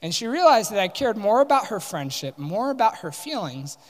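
A young man speaking at a workshop, telling a candid personal story to an audience with lively quoted dialogue. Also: sits high, normal speed. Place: large conference hall. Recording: live talk with long hall reverb.

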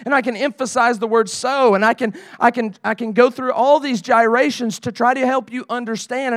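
A man's voice: extremely high pitch, fairly quick, few pauses, dry recording, clean studio sound. A middle-aged man preaching a sermon to leaders in a conversational way that rises into emphatic pleading. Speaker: pastor.

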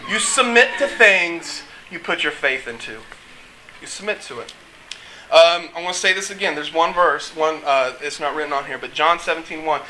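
High-voiced, bright, animated male preacher. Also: moderate pace, a little hiss or hum, low-quality recording. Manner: animated, joking, acts out quotes. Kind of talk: casual sermon.

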